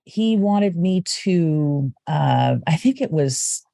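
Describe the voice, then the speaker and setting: Woman guest, mellow voice, animated storyteller who acts out voices, dry sound. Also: low-pitched, slow pace, creaky, no echo. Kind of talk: casual storytelling conversation.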